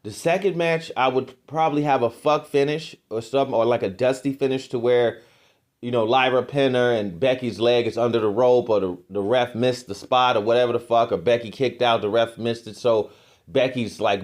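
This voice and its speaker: A man's voice: mid-range voice, moderate pace, a little mellow. A man co-hosting a wrestling podcast, ranting in casual, profane commentary, his voice jumping up when exasperated.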